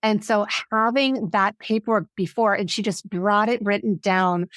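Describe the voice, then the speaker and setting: A woman's voice: mid-range voice, steady tone, normal speed, a bit bright, no echo, clean studio sound. A woman guest on an interview podcast, an education advocate who tells stories animatedly and acts out the voices of the people she quotes. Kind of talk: interview storytelling.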